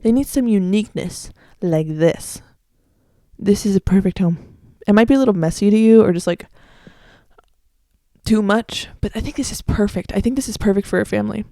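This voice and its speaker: A late-teen American woman hosts a casual solo podcast, rambling with plenty of "like"s, correcting herself mid-thought, and voicing strong opinions. Her mid-range voice moves at a normal speed, gravelly yet warm, recorded with studio quality and no echo.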